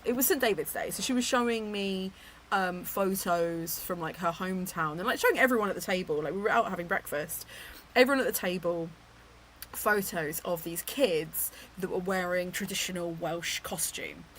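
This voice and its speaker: A woman from England hosting a book club chat, animated and teasing, laughing often. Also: fairly low pitch, normal speed, a little hiss or hum. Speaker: book club podcast host. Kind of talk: casual chat.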